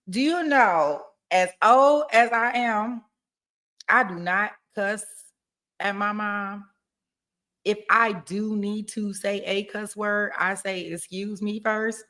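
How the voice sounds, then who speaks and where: A woman's voice: mid-range voice, slow pace, a bit bright. A woman hosting a live stream, reacting with exclaims and disbelief to trial footage. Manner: exclaiming, incredulous.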